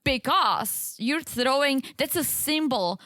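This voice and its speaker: High, lively, bright-voiced woman chatting. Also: takes it slowly, no echo, studio quality. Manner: giggly, laughs often, chatty. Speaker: podcast co-host. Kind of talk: casual chat. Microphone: podcast microphone.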